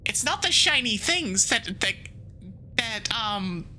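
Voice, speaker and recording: A woman VTuber chats through a game stream with a very bright, cutting voice that swings widely in pitch. She rambles playfully, with quick asides and giggles, and stops now and then to read the game text aloud. Her voice sits a little high. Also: very animated, slight background noise, low-quality recording.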